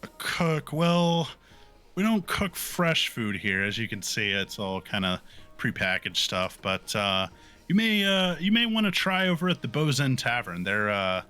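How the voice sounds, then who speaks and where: A man voicing a small, harried female gnome librarian who rambles through fillers in a high, squeaky voice. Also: big pitch swings, a little slow, sharp tone, smooth, soft background music. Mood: helpful.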